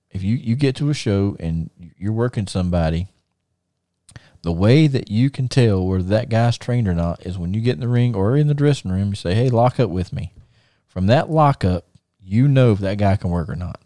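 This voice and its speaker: A man's voice: lowish voice, warm tone, no room sound, studio quality. A man hosting a podcast, casually telling rambling stories with frequent laughter and restarts. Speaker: podcast host and wrestler. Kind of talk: casual storytelling chat.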